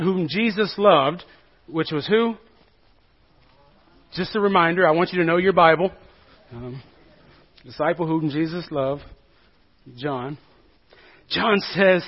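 High-voiced joking pastor, dull recording. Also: male voice. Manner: conversational and joking, asks the congregation questions. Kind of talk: sermon. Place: church before a congregation.

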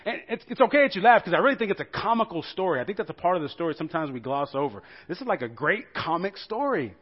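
A man preaching a sermon as pastor, telling the story with animated rhetorical questions to the congregation. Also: high-pitched, fast, slightly rough, muffled recording.

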